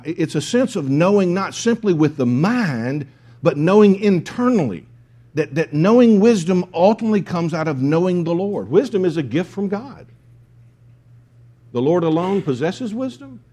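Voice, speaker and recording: Male pastor, sermon delivery, lively intonation, mellow tone, emphatic and repetitive. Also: fairly high pitch. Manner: emphatic, repeats key phrases.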